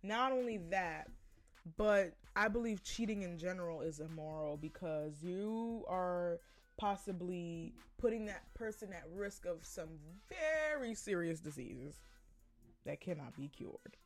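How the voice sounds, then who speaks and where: A woman's voice: on the low side, lively intonation, measured pace, faint music behind. A woman hosting a podcast, giving her opinions in a blunt, profane, casual monologue and laughing often. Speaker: podcast host.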